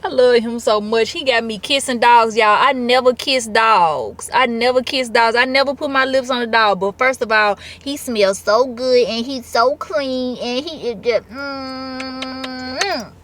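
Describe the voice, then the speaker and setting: A woman's voice: a little high, moderate pace, hardly any pauses, fairly bright tone. A woman, chatting expressively to her viewers in a casual vlog. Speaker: vlogger.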